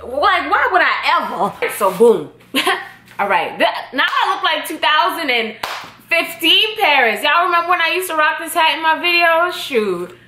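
A young woman vlogging from her home, her Jamaican-tinged accent running through a rambling, blunt, often profane chat. Her voice sits a little high and sounds crisp and forceful. The room around her rings with a clear echo. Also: big pitch swings, normal speed, a little hiss or hum. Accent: Jamaican-tinged English. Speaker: YouTuber. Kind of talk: casual direct-to-camera vlog. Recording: echoey room.

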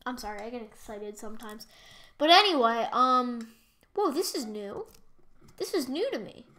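A young woman commentating a Minecraft match, excitable and prone to squealing and shouting when things happen in the game. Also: a little high, normal speed. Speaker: gaming YouTuber. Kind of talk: Minecraft let's play commentary.

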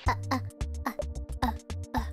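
A woman streamer giving excitable, giggly game commentary, often stammering and shouting. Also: moderate pace. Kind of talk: game let's-play commentary. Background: game music.

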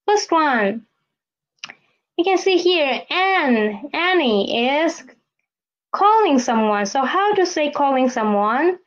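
A woman teaches step by step, with a voice that sits somewhat high and moves at an unhurried pace. She repeats words and keeps checking in with "okay?" and "right?". The recording sounds slightly dull and lo-fi. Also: sing-song. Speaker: Chinese language teacher. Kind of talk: slow step-by-step lesson.

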